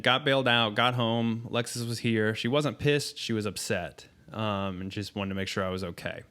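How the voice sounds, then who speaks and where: A man with a fairly low voice tells a story in casual conversation. He is blunt and swears freely, and he often pauses with ums as he works through the telling. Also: fairly bright tone, clear, resonant tone. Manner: candid and profane, halting with frequent ums. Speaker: podcast guest.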